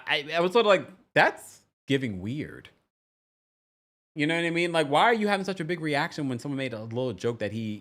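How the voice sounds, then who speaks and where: Animated man recapping reality TV. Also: on the high side. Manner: animated, chatty, quick asides and playful quoted voices. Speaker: reality show recap host. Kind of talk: casual live-stream recap chat.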